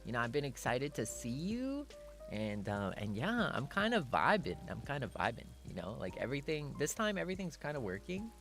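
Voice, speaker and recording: A man's voice: mid-range voice, very animated, fairly quick, a bit bright, faint music behind. A man chatting casually on a livestream, playful and rambling, full of teasing asides. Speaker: streamer.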